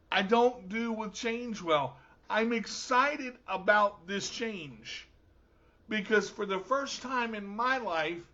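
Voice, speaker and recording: A man with a high, bright voice hosts his own show, joking and playful at an unhurried pace. It's casual podcast talk, and the recording sounds dull and lo-fi.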